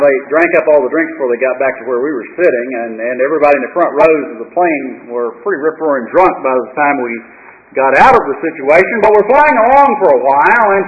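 A pastor with a high-pitched voice delivers his sermon like a storyteller, wry and dramatic, sinking into quiet asides. The sound is dull and lo-fi, like an old church tape.

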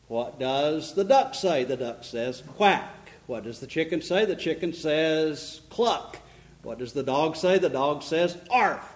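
A man preaching an expository sermon in a church, animated and climbing in pitch to stress points, with frequent restarts. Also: low-quality recording. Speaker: pastor.

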